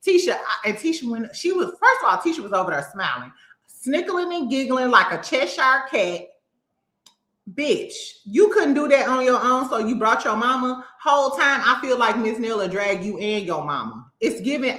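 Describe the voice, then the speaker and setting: Woman host, blunt and mocking reality TV commentary, crisp bright tone. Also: fairly high pitch, animated, moderate pace, echoey room. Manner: blunt, sassy, cursing, mocking impressions. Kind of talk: casual opinionated commentary.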